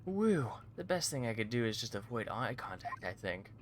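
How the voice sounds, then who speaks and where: A man's voice: mid-range voice, sing-song, moderate pace, slight background noise. A man giving casual, amused commentary while reading a story game aloud, with wry asides. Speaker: let's play gamer.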